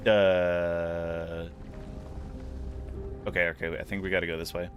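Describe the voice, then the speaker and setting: Man, lowish voice, relaxed rambling let's-play commentator thinking out loud, faint game music underneath. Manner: musing aloud, relaxed, rambling. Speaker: gaming streamer. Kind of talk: casual gameplay commentary.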